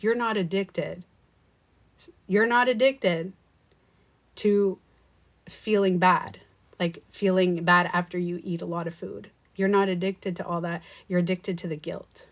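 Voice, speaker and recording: A middle-aged woman coach talking casually to her viewers, telling a story with swearing, laughter and lively acted-out quotes. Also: medium pitch. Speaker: life coach and author. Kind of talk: casual live-stream monologue.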